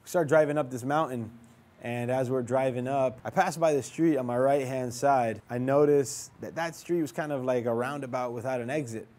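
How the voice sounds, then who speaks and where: A man's voice: medium pitch, moderate pace, darkish tone. A young man casually recounting his search for his father, rambling and conversational, acting out quoted dialogue along the way. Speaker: vlogger telling his life story. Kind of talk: casual storytelling.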